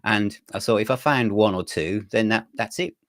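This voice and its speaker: A man, a magazine editor, chatting as an interview guest and telling his story in a relaxed, rambling way. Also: fairly low pitch, moderate pace, no room sound, studio quality. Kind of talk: casual interview chat.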